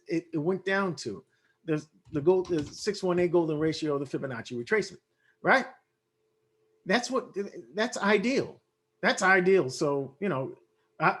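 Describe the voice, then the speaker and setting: A man with a fairly high voice talks through trading charts, thinking aloud as he goes. He stumbles through fillers and restarts and addresses viewers directly. His voice sounds a little worn, as if he is losing it. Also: a bit bright. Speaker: forex trading analyst. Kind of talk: casual chart walkthrough.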